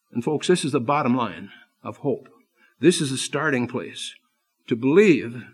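A man preaching a sermon, impassioned, swinging from loud emphasis to hushed, earnest asides. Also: on the high side.

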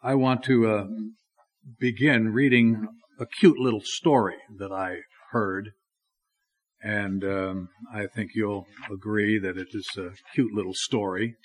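A man's voice: on the low side, fairly even intonation. A male pastor giving a sermon, telling stories at an easy pace with frequent fillers. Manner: unhurried storytelling with many fillers.

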